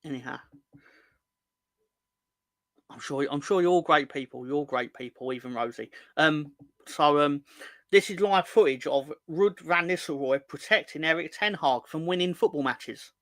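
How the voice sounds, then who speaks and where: A man's voice: fairly high pitch, moderate pace, a bit bright, no echo. A young man hosting a football fan livestream, chatting casually, joking and teasing viewers as he reads their comments. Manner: joking, rambling, teasing the chat. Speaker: football fan show host.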